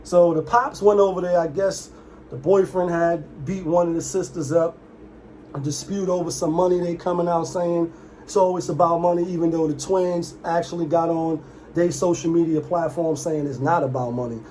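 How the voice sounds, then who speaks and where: A young man with a slightly higher voice rambles through a casual commentary vlog. He jumps between asides and quick impressions in a loose, animated way. A faint hiss of room noise sits under his voice. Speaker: commentary channel host.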